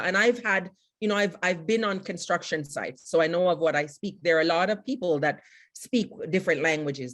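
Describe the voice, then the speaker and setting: A woman whose first language is Jamaican Patois, giving an earnest, halting webinar talk as a guest speaker and poet over a video call. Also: low voice. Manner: earnest, halting, with many restarts. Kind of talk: webinar presentation.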